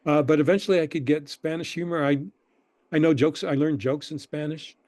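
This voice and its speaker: Older man with a mellow, dry voice. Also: on the high side, brisk, dry recording. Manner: relaxed anecdotal storytelling, acting out the people he quotes. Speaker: guest, screenwriter and professor. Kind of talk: conversational interview storytelling.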